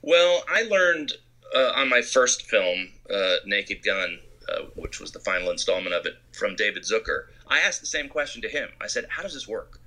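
Bright-voiced man telling film-set stories. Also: on the low side, normal speed. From Arizona. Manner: animated storyteller who acts out quotes. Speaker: film director guest. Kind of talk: anecdotal interview storytelling.

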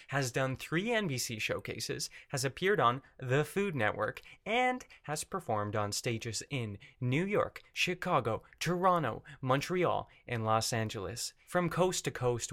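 A man hosts a home podcast from a basement. He speaks in an everyday middle pitch, with a playful tone and wry asides between introductions and chat. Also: a bit bright. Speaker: podcast host. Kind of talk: intro monologue and casual interview chat.

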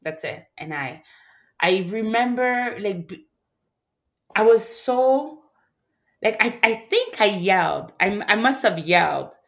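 Woman from Montreal, halting candid storytelling. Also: medium pitch, lively intonation, fairly bright tone. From Montreal, Canada. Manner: emotional, halting, restarts sentences, acts out others' voices. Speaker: interview guest.

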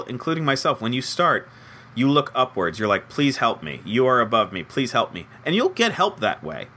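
A young man with a bright, forward voice talks through an interview about his writing job. He is animated and self-deprecating and acts out quoted lines in little voices. Faint background noise sits under the recording. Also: mid-range voice. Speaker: head writer of a comedy show. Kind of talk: conversational interview answers.

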